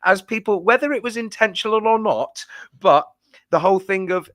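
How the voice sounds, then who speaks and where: Bright, higher-voiced man, wry and animated. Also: dry recording, studio quality. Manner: animated and wry, quick tangents, blunt swearing. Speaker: guest. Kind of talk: casual live-stream football chat.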